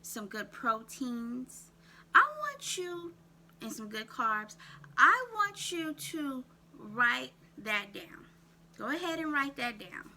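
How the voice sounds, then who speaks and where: A woman's voice: on the high side, expressive, sharp tone, a little hiss or hum. A woman vlogging about self-care, coaching her viewers with a string of questions and telling them again and again to write it down. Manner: asks viewers rapid questions, repeats "write that down". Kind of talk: direct-to-camera coaching talk.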